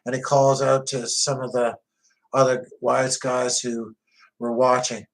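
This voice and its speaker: A man reads an audiobook in the first person, telling a tough street story in a gritty, conversational way. His pace is slow and deliberate, and his pitch sits in an ordinary middle range. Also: flat delivery, low-quality recording. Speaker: audiobook narrator.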